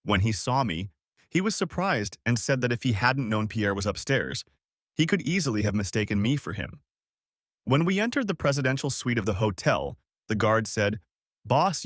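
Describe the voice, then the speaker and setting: A man narrates a first-person audiobook story with a measured, expressive delivery. His voice sits at a middle pitch but moves lively through each sentence, recorded dry and close to the mic. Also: dry recording.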